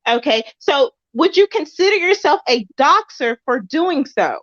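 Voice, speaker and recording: A woman plays a prim, patient interviewer with a Memphis Southern accent, her voice high and lively. She keeps her questions polite and apologetic. The recording is dull and lo-fi. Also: unhurried, no echo.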